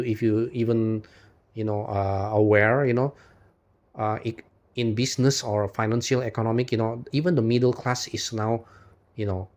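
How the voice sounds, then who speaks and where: A man with a lowish voice talks straight to his viewers in a loose, rambling monologue. He circles back on himself, repeats words and leans on "you know" constantly. Frustration slips out as swearing, followed by quick apologies and short laughs. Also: a little mellow. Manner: rambling, heavy use of "you know", frequent restarts; laughs between points. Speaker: video host. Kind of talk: unscripted philosophical monologue to camera.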